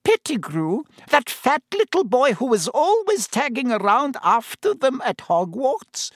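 A man voicing a middle-aged woman innkeeper, high and curious in manner. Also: wildly swooping pitch, a little slow, fairly bright tone, no echo, clean studio sound, full character voice.

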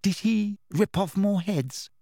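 A man voicing a clever, anxious teenage girl who asks quick, worried questions in an audiobook reading. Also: high-pitched, gravelly, dark tone, no room sound, clean studio sound, voice pushed up, exaggerated voice. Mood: anxious questioning.

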